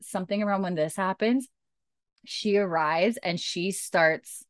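A woman's voice: mid-range voice, measured pace, no echo, clean studio sound. A woman hosting a podcast, recapping a TV episode in a chatty, rambling way full of "like" and "um". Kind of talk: casual chat.

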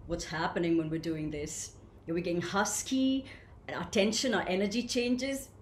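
Animated woman coaching a group on voice. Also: on the low side, normal speed, reverberant, a little hiss or hum. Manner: animated, asks the group questions and answers them. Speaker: voice coach leading a workshop. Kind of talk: live online workshop teaching.

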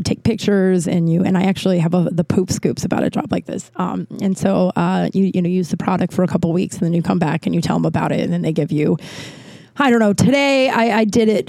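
A woman's voice: lowish voice, creaky, no room sound. A woman comedian telling a rambling story in casual talk, swearing often and acting out what people said. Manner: rambling, profane, animated with voiced quotes. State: out of breath. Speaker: comedian and podcast host.

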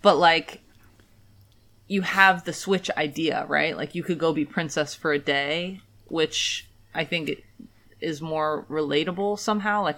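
A woman's voice: deep voice, fairly even intonation, a little slow, a bit bright. A woman co-hosting a podcast in casual chat, wry and talkative. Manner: chatty, wry, many "like" fillers. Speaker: podcast co-host.

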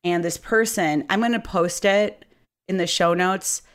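A woman's voice: lowish voice, unhurried. A woman in her thirties co-hosting a podcast, telling stories in casual chat and swearing freely. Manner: chatty storyteller, swears freely. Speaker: podcast co-host.

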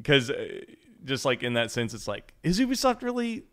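A man's voice: mid-range voice, sing-song, normal speed. A man hosting a podcast in casual chat, agreeable and laughing often. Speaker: podcast host.

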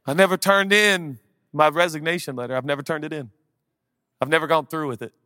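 A man in his forties preaching a sermon to a church crowd, animated and playful, swinging from hushed to loud. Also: on the high side, a little fast, no room sound, clean studio sound. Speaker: pastor. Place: large church auditorium.

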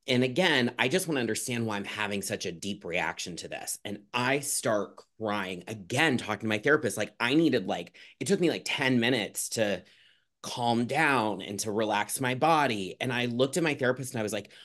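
A man's voice: lowish voice, lively intonation, a little fast, a bit bright. A man guest on a podcast, telling a personal story frankly and with self-deprecating humor, chatty and full of restarts.

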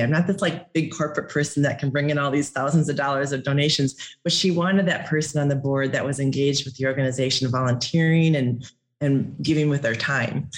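Chatty middle-aged woman telling a story. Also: sits low. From Minnesota. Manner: animated, laughs often, acts out her own past words. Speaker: guest. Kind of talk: storytelling in a podcast interview.

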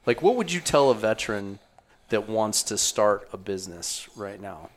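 A man's voice: on the low side, normal speed. A man in his thirties hosting a podcast, chatting casually and profanely with an old friend and asking questions. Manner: relaxed, profane, recalls shared past with guest. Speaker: podcast host. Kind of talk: casual interview chat.

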